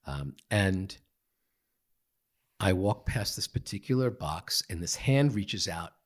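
Podcast guest, man, lowish husky voice, earnest halting storyteller. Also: lively intonation. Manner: earnest, halting, many fillers and restarts. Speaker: guest, meditation teacher. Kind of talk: reflective storytelling. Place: podcast studio.

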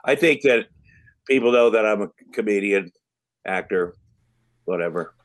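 A middle-aged man, an actor and comedian, answering interview questions in a halting way with many fillers and restarts. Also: lowish voice. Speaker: podcast guest, actor and comedian.

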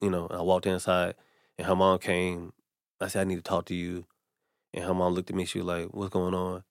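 A man's voice: deep voice, completely flat delivery, fairly quick, no echo, clean studio sound. A comedian telling a personal story in casual conversation, acting out the people he quotes. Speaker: comedian guest.

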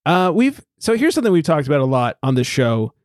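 A man co-hosting a casual podcast, telling stories in an animated way, swearing freely and laughing often. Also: a little high, a little fast, no room sound, studio quality. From United States. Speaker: podcast co-host. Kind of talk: casual chat.

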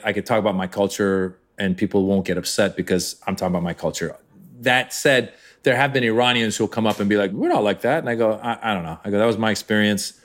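A man in his fifties from Iran, a comedian guest on a podcast, telling stories animatedly and slipping into voices. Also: lowish voice. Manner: animated storyteller, jumps into voices. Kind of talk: podcast interview.

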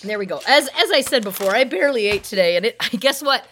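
A woman's voice: on the high side, expressive, quick pace, a bit bright, a little hiss or hum. A woman co-hosting a casual podcast, giggly and playful, chatting and joking. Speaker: podcast co-host. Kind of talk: casual chat.

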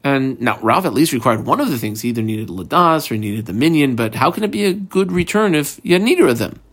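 A man teaching a relaxed Talmud class, conversational and rambling with frequent ums, guiding listeners through marks on the page. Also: medium pitch, quick pace. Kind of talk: casual daily page class.

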